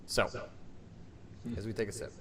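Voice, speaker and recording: A man's voice: normal speed, music in the background. A man streaming a game, talking casually and nervously to his chat with many fillers and restarts. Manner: hesitant, rambling, nervous.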